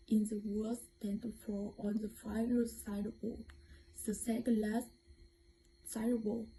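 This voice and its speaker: A young woman with a Vietnamese accent reading a class presentation aloud as a student presenter, carefully and haltingly, with some restarts. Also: a little high, warm tone, slight background noise, low-quality recording.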